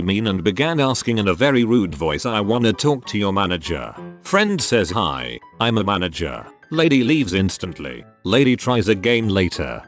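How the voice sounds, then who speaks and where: A man with a fairly low voice reads stories aloud as a narrator. His pitch swings widely as he moves between plot and quoted lines, and faint music plays under him. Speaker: narrator reading online stories. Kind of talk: scripted story narration.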